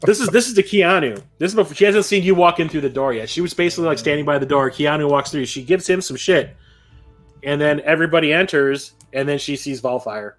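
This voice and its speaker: A man's voice: fairly high pitch, fast talker, faint music behind. A man running a tabletop game as game master, describing scenes in a loose, rambling way.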